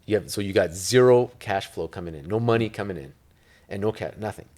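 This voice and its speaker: Low-voiced man telling a rambling story. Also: fairly quick, darkish tone. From Italy. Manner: rambling, storytelling with filler words. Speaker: interview guest, real estate investor. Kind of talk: casual interview talk.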